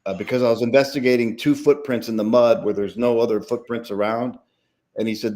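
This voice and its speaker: Man, podcast guest, casual storytelling, animated, quotes people, restarts a lot. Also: medium pitch, a little fast. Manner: animated retelling, quoting others, frequent restarts. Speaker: podcast guest, documentary filmmaker.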